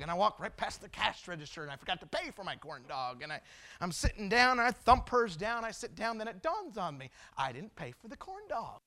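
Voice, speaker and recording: A middle-aged man preaching a sermon, telling a story and then dropping to hushed, solemn tones for emphasis. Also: high-pitched, very animated, fast talker. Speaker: pastor.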